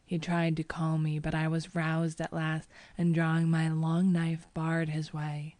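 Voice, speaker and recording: A woman reading a first-person audiobook in a measured, even manner. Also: low voice, no echo. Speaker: audiobook narrator.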